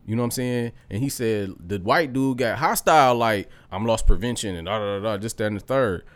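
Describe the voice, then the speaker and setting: A man swapping stories in a loose, profane chat. He laughs often, and his voice drops low and quiet whenever he slips in an aside. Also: fairly quick. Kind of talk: casual storytelling chat.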